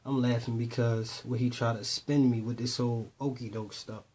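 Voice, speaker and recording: A man's voice: level tone, normal speed, warm tone. A man casually telling personal stories to young listeners, acting out the dialogue. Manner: conversational, retells dialogue in voices, repeats "boom". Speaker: storyteller addressing youth. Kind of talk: casual spoken storytelling.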